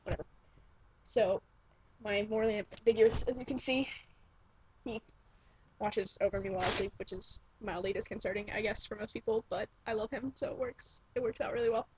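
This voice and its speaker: A woman's voice: medium pitch, brisk, a little mellow, a little hiss or hum, poor audio. A young woman talking casually to her computer webcam at home, gushing and swearing as she rambles and interrupts herself. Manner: gushing, profane, self-interrupting. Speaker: vlogger. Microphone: computer webcam mic.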